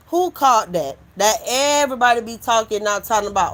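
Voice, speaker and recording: A woman's voice: a little high, brisk, few pauses. A woman hosting a casual livestream, talking bluntly and with lots of swearing. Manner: blunt, animated, profane. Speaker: livestream host.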